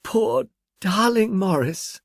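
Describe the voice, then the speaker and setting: A high, fluttering, theatrical woman, as a male narrator puts her on pleads and gushes in a breathy voice. Her pitch swoops widely and her tearful tone can sharpen into spite. The reading is close and dry. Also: lively intonation, unhurried, no room sound, heavily acted. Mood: mournful gushing.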